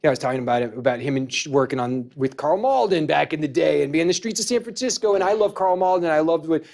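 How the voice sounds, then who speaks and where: A man's voice: on the high side, quick pace, gravelly, darkish tone. A man guesting on a podcast, telling stories in an enthusiastic, rambling way with frequent restarts and casual swearing. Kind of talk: casual storytelling interview.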